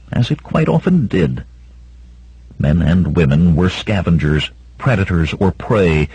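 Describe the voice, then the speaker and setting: Guy reading an audiobook, dramatic, really raspy, dry close sound. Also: fairly low pitch, dry recording, poor audio. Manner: dramatic, voices shouts of characters. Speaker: audiobook narrator. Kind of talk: scripted narration.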